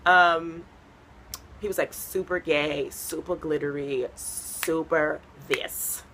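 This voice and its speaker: A woman's voice: sits low, fairly even intonation, takes it slowly, fairly bright tone, a little hiss or hum. A woman from a Haitian American family doing a stand-up set, telling rambling stories full of fillers. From United States, Haitian American family. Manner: chatty, rambling storytelling with many fillers. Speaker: stand-up comedian.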